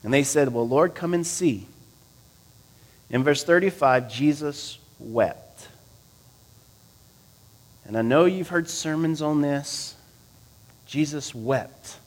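A man preaching a sermon, reading scripture aloud and explaining it in a conversational way, asking his listeners questions and swinging between loud and quiet. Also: fairly high pitch, measured pace. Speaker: pastor.

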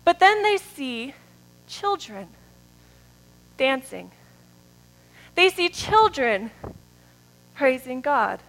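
A woman with a high, bright-pitched voice delivers a sermon in a church. She drops to soft, stretched words and then climbs to loud, urgent calls, with faint music underneath. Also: big pitch swings, low-quality recording. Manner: dynamic preaching, swings from soft drawn-out words to loud rising calls. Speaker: preacher.

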